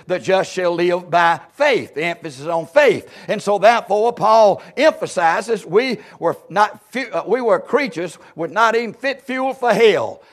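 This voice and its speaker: A man with a Southern US accent, pastor delivering a sermon with fervent, emphatic peaks, often repeating words and restarting phrases. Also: high-pitched.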